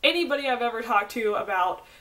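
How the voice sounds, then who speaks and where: This is a young woman with a Southern American accent chatting to her camera. She rambles happily from one side note to the next, full of fillers. Her voice sits somewhat high. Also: expressive, fast talker, a bit bright. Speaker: pregnancy vlogger. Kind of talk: casual chat.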